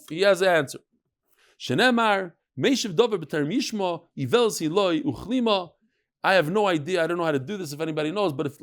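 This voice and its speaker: A middle-aged man teaching a lively Talmud lesson to a live audience, mixing Hebrew and Yiddish terms and joking with listeners. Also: high-pitched. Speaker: rabbi teaching a daily Talmud class. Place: study hall with a live audience.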